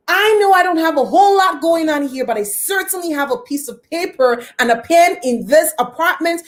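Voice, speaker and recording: High-voiced and animated, this thirtysomething woman from near Toronto speaks briskly with few pauses while sharing a personal story on a live stream. She calls out viewers by name and sends her voice up and down dramatically.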